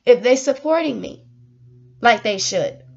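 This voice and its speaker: A woman with a fairly high voice vlogs to her viewers, earnest and preachy, laughing often between points. The recording sounds dull and lo-fi. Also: lively intonation, slow, creaky, a little mellow. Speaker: vlogger giving life advice. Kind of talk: casual emotional monologue.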